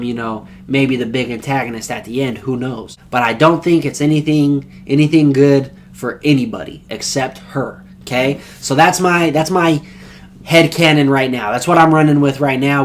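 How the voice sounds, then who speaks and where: A young man casually recapping an anime episode, rambling and excited, with slang and swearing. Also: mid-range voice, slight background noise. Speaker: anime reviewer.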